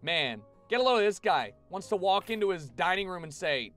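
A man's voice: high voice, expressive, moderate pace, hardly any pauses, sharp tone, soft background music. A young man giving casual, chatty gameplay commentary to his live chat, swearing freely. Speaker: streamer.

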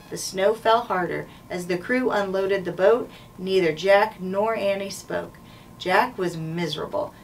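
Lady reading a kids chapter book, steady and clear, mic kinda far, bit of hiss. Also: mid-range voice. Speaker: school administrator. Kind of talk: reading a storybook aloud. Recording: distant mic, faint noise.

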